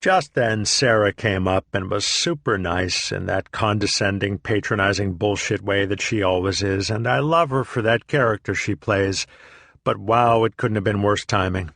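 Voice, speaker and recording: A man's voice: lowish voice, moderate pace, creaky, a bit bright, dry recording, studio quality. A man reading a first-person memoir aloud in a profane, sardonic, self-deprecating way. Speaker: audiobook reader.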